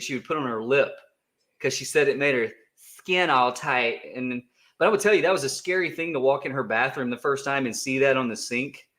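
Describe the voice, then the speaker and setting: A man's voice: mid-range voice, a bit bright. A man co-hosting a casual livestream, joking around with his co-host and reading viewer chats in a playful, teasing way. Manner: joking, playful, slips into silly voices.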